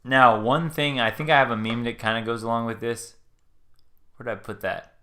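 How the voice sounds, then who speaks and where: A man's voice: mid-range voice, steady tone, normal speed, sharp tone. A man hosting a live stream, talking casually and earnestly as he reacts to a video clip, rambling and trailing off. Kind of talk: casual commentary.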